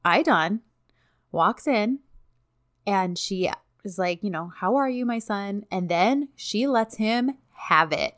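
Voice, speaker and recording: A woman's voice: mid-range voice, expressive, a bit bright, no echo, clean studio sound. A woman co-hosting a casual chat recap of a TV drama, chatty and full of fillers. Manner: chatty, quick fillers like "you know" and "like". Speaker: podcast co-host.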